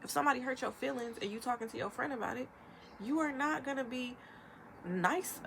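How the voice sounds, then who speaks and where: A woman's voice: high voice, vocal fry, slight background noise. Emphatic young woman ranting on camera. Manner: emphatic, rapid-fire, animated with imitated quotes. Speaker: vlogger. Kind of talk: ranting commentary.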